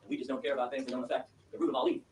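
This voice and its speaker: A man from Michigan giving an impassioned speech to an audience and taking questions, telling his story in a fast, emphatic, animated way. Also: mid-range voice. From Michigan, USA. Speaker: activist lecturer. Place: lecture room with audience. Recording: echoey room, distant mic, faint hiss.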